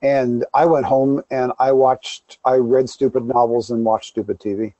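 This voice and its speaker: A man's voice: medium pitch, flat delivery, moderate pace, warm tone, no echo, rough recording. A man, a pastor guest in an interview, talking candidly and with self-deprecating humor, telling stories with quoted asides. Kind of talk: conversational interview.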